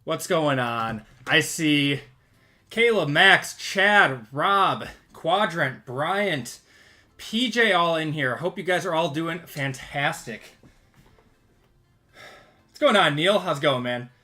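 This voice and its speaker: A man's voice: fairly high pitch, lively intonation, takes it slowly, pushed and bright. A man hosting a casual livestream, upbeat and greeting viewers by name as they join. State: out of breath. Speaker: card break livestream host. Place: home.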